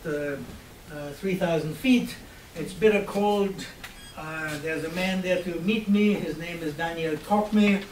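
An older man recounts his past in a wry, conversational manner, pausing on fillers as he goes. His voice sits high for a man. It is picked up from a distance in a roomy, echoing hall with faint ambient noise. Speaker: Holocaust survivor speaker. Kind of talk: storytelling talk. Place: hall at a university.

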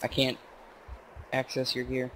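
A man's voice: mid-range voice, monotone, a little slow, noisy background. A man in casual chat with his teammates while gaming, laid-back and narrating his own moves. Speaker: gamer.

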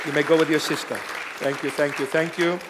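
A man of Assyrian heritage preaching a sermon, telling stories in an animated way that swings between loud declarations and hushed asides. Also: a little high, brisk, long reverb tail, crowd noise, background noise.

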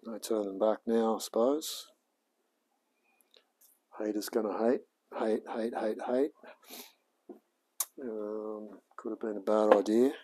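In a garage workshop, an Australian livestreamer mechanic in his forties works on a car while chatting casually to his audience. His voice is lowish, steady, slow and warm with frequent pauses, and he rambles, talks to chat, and says "mate" a lot.

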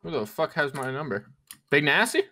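A man's voice: a little high, very animated, normal speed, bright, forceful tone, slight background noise. A man playing a real estate agent in casual roleplay chat, offhand and swearing freely.

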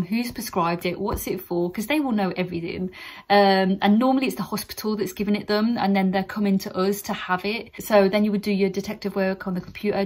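A British woman in her thirties talks through her work as a practice nurse in a relaxed vlog. Her voice sits at an ordinary middle pitch. She is candid and chatty and pokes fun at her own slips. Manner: chatty, candid, laughs at herself. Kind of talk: casual explanatory vlog.

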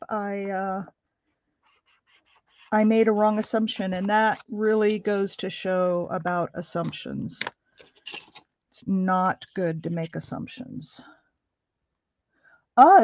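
In a muffled recording, a middle-aged woman with a mid-range, darkish voice hosts a craft livestream from her home craft room. She chats and rambles with her viewers as she crafts, laughing often.

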